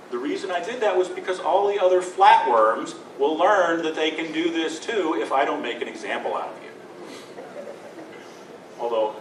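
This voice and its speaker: A man, a lawyer, telling stories to a convention audience with laughs and mimicked quotes. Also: a little high. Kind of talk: animated storytelling to an audience. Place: convention panel room. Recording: echoey room from far off with noise.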